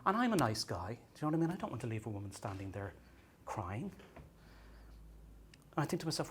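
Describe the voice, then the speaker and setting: An Irish man doing a stand-up comedy set, telling self-mocking stories in a halting way and often repeating his words as he restarts. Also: medium pitch, big pitch swings, a little hiss or hum. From Ireland. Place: comedy venue stage.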